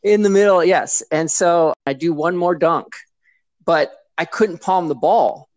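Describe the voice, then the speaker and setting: A man, a guest on a talk show, recounting a past injury in plain, steady speech. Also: on the high side, unhurried. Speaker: guest, former mascot performer. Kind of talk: casual interview storytelling.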